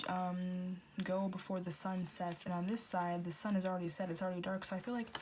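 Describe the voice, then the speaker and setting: A woman's voice: fairly low pitch, little pitch movement, brisk, few pauses, darkish tone, slight background noise. A woman in her twenties giving a blunt, rambling pick-a-card tarot reading, full of restarts and fillers, swearing freely. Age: 20s. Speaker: tarot reader.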